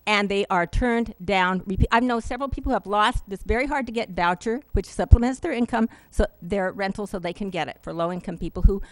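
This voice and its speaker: A woman's voice: mid-range voice, no echo, poor audio. Earnest woman speaking at public comment. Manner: earnest, emotional, halting with fillers. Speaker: public commenter at city council. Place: city council meeting room.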